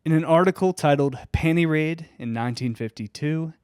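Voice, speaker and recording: A man's voice: on the high side, normal speed, darkish tone, smooth, no room sound. Dry-voiced man reading history. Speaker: podcast host. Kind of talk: reading history notes in casual chat.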